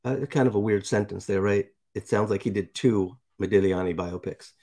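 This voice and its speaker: A man's voice: lowish voice, normal speed, warm tone. New york guy riffing on articles, sarcastic, picky about grammar, chatty. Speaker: commentary host. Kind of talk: casual commentary reading articles aloud.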